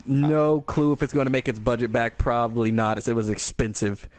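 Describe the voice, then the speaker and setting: Podcast co-host: man, mid pitch, dry teasing delivery, casual chat. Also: flat delivery, brisk, darkish tone, no room sound.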